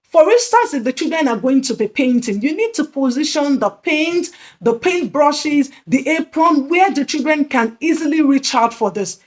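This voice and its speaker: A woman's voice: sits high, lively intonation, normal speed. A woman hosting an early childhood education channel, explaining teaching strategies in an earnest way that often repeats and restates her points. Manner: earnest, repetitive, emphatic restatements. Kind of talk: instructional video talk.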